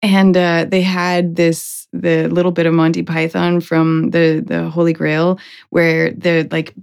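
A woman's voice: on the low side, completely flat delivery, unhurried, gravelly, a little mellow, clean tone. A woman hosting a podcast in casual conversation, talking reflectively, often laughing and checking in with "right?". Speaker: podcast host.

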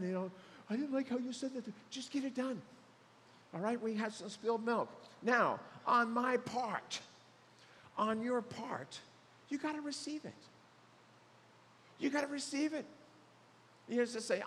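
A man preaching a sermon as pastor, animated and acting out the voices of the people he describes. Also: high voice, long reverb tail, a little hiss or hum. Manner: animated, acts out voices of others. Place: church sanctuary.

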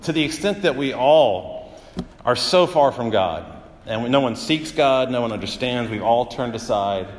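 A man's voice: mid-range voice, lively intonation, unhurried. Man preaching in a reverberant hall. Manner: conversational preaching with frequent uh fillers and vivid everyday examples. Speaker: pastor. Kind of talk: sermon.

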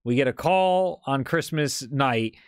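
Male podcast host, rambling storyteller, mid-pitched voice, dry close sound. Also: animated, measured pace, no room sound. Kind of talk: casual chat, storytelling.

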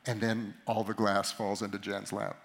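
A middle-aged man giving a sermon to a live audience, telling a story about himself with animated, self-mocking humor. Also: fairly low pitch, normal speed, creaky, crowd noise. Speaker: pastor or conference speaker.

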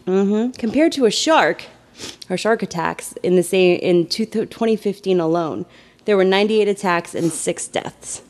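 A woman's voice: mid-range voice, expressive, a little slow, darkish tone. A woman co-hosting a casual podcast chat, reading out her research findings and swearing freely. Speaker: podcast co-host.

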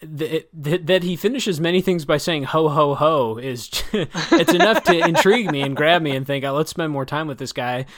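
A man's voice: on the high side, lively intonation, a little fast, hardly any pauses, a bit bright. A man co-hosting a casual book discussion, talking in long rambling stretches, correcting himself and wry. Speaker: book podcast co-host.

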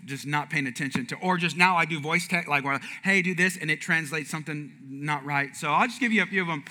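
A man preaching as a pastor, telling humorous stories in an animated way, jumping up high when he acts things out. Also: fast talker. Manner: animated, jumps to high excited pitch in acted-out stories. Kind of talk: humorous sermon storytelling.

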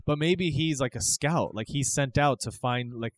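A man with a mid-range voice hosts a casual podcast, speaking animatedly at a normal speed with no room sound. He rambles and speculates, frequently asking "you know what I mean."

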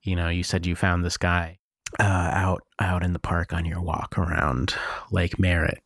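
A man's voice: low voice, little pitch movement, unhurried, no echo, studio quality. A man from Scranton, Pennsylvania, co-hosting an improvised comedy podcast, teasing and needling his partner. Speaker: podcast co-host.

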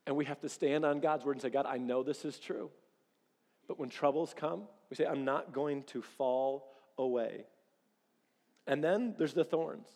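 A pastor in his thirties preaching a sermon in a casual, animated way, acting out little quoted exchanges. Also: medium pitch, measured pace, creaky. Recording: long reverb of a large hall.

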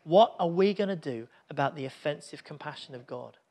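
A man's voice: on the high side, animated, brisk, warm tone. A man preaching a sermon, telling a Bible story in an earnest, reflective way.

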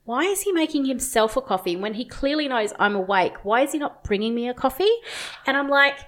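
High lively woman telling a funny story. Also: fairly quick. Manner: animated storyteller, acts out her own thoughts, laughs a lot. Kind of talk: casual chat, storytelling.

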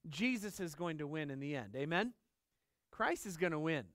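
A man's voice: fairly high pitch, normal speed, no room sound, clean studio sound. A middle-aged male pastor preaching a sermon, emphatic and repetitive, often asking the congregation questions. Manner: emphatic, repeats key phrases, asks the congregation questions; acts out dialogue in lively voices.

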